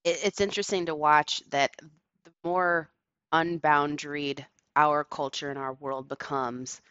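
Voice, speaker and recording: A woman co-hosting a casual discussion over a call, reflective and slow in her phrasing, laughing often. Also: sits low, steady tone, a bit bright, smooth, dry recording, highs cut off. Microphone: remote call.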